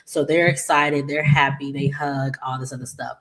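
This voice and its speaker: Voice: mid-range voice, fairly even intonation, normal speed, a bit bright. A channel host casually recapping a soap opera episode, rambling with many "um"s and "she was just like," and quoting the characters as they go. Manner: retells scenes by quoting characters in their voices.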